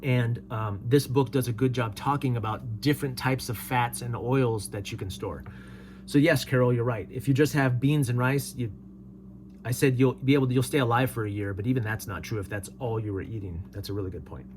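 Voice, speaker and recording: A man with a mid-range voice chats easily as he reads comments aloud and answers them in a relaxed way. A faint hum runs under the recording. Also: mid-range voice, fairly quick. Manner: laid-back, reads comments aloud and replies with chuckles. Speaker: host reading viewer comments. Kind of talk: casual solo commentary.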